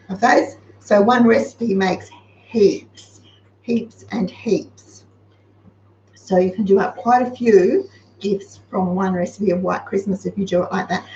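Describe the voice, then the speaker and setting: A woman's voice: mid-range voice, gravelly, darkish tone, distant mic. Australian woman, host, casual practical chatter; echoey room, faint background hiss. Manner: chatty, practical, giving homely advice. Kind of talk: casual live-show chat. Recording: roomy, slightly dull sound with faint noise.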